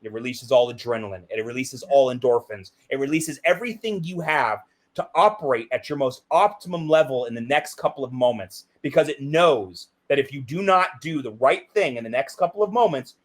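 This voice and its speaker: A man's voice: medium pitch, brisk. A middle-aged man giving an interview, talking intensely and emphatically, often checking in with "right?". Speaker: interview guest, BASE jumper. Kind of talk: reflective interview talk.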